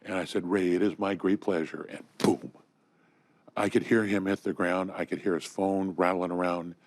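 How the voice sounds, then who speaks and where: Deep-voiced older man telling stories. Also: little pitch movement, moderate pace, dry recording. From Southern California. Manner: enthusiastic anecdotes, frequent fillers and restarts. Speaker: interview guest. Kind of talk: storytelling in conversation. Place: studio.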